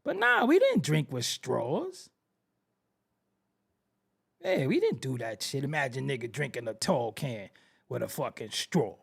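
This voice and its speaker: A man's voice: mid-range voice, huge pitch swings, moderate pace, gravelly, slightly rough. A man hosting a hip-hop commentary show, ranting brashly with profanity and frequent laughter. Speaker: host.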